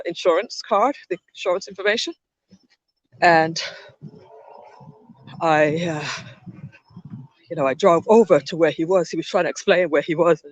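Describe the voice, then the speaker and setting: A woman's voice: fairly low pitch, no room sound, lo-fi sound. A woman hosting a livestream, chatting and telling a rambling story while walking outdoors in a park, with frequent restarts. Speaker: livestream host.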